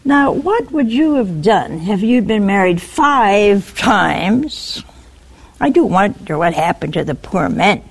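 Animated woman preaching a sermon. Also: mid-range voice, slow. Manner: animated, questioning the listeners directly.

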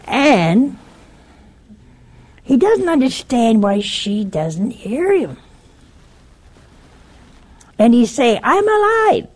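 A woman's voice: fairly high pitch, big pitch swings, very slow, pauses often, darkish tone, slightly rough. A woman giving an earnest, urgent warning to listeners and telling a story in plain, direct words.

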